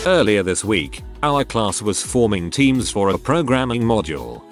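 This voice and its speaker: A man's voice: fairly low pitch, sing-song, normal speed, hardly any pauses, faint music behind. A man narrating online stories in a scripted, storytelling delivery.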